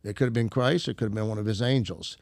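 A man's voice: on the low side, fast, creaky, no echo. A man casually telling a story, acting out the people in it and laughing often. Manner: animated, acts out quoted voices, laughs often. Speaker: guest storyteller.

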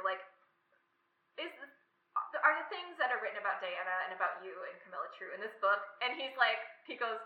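A woman's voice: mid-range voice, animated, a little fast. A woman co-hosting a casual podcast, chatting and giggling, acting out quotes in silly voices. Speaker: podcast co-host. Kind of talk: casual campy chat. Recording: echoey, dull lo-fi room sound.

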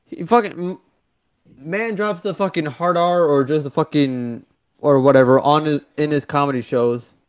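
A man's voice: fairly high pitch, moderate pace, clean tone, dry recording. Give me a blunt, swearing young man as a podcast guest, dry sound. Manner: swears a lot, blunt and offhand. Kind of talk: casual chat.

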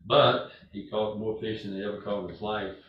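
An older man preaching a sermon, speaking earnestly and repeating himself, with lively storytelling. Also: lowish voice, normal speed. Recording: echoey hall from far off, dull.

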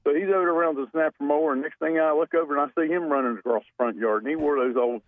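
A man's voice: a little high, no echo. Man telling stories over a tinny phone line. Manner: folksy, drawn-out, rambling anecdotes. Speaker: radio show caller. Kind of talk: storytelling on a call-in show.

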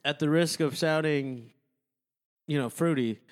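A man joking through a movie in casual, profane chat, teasing his friend with deadpan one-liners. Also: a little high, unhurried, clean tone. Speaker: co-commentator.

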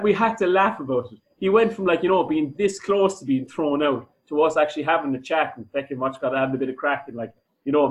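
A man's voice: fairly high pitch, poor audio. A young Irish man hosting a podcast, chatty and swearing freely. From Ireland. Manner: chatty, swears freely, laughs while telling stories. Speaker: podcast host. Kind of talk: casual chat.

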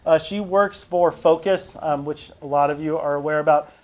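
A man introduces a guest speaker at a school assembly. He talks informally and halts with fillers. His voice sits a bit high for a man. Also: fairly even intonation, normal speed.

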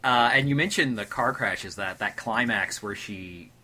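Bright-voiced man talking movies. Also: lowish voice, measured pace. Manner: rambling, many restarts and fillers. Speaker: podcast co-host. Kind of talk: casual movie discussion.

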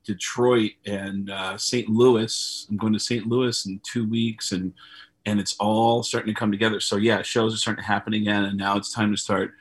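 A man's voice: lowish voice, little pitch movement, moderate pace, breathy edge. A man, a comedian guest on a video call, telling rambling anecdotes and acting out the voices of people he quotes. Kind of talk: casual storytelling.

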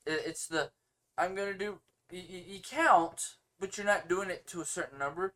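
A man's voice: sits high, moderate pace, a bit bright. A man in his thirties with a stuffy nose, co-hosting a casual podcast and ranting with sarcastic, opinionated energy. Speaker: podcast co-host.

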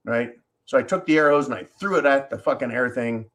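Riled up and swearing freely, a male podcast host shares a personal story in a casual monologue. He talks briskly in a medium-pitched voice with a fairly bright tone.

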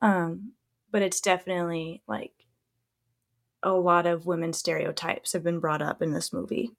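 A woman's voice: fairly low pitch, flat delivery, normal speed, gravelly. A woman appearing as a guest in a casual podcast conversation, with many likes and ums.

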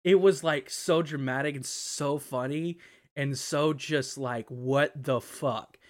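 A man's voice: medium pitch, takes it slowly. A young man hosting a podcast in casual chat, rambling and swearing with lots of fillers. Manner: rambling and profane, with frequent fillers and laughter. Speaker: podcast host.

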